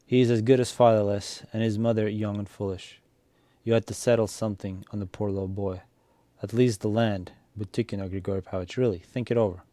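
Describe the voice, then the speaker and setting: A man's voice: lowish voice, fairly even intonation, a little fast, dark tone, no echo, lightly acted. A man reading as a fussy coaxing housewife. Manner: persuading, flustered.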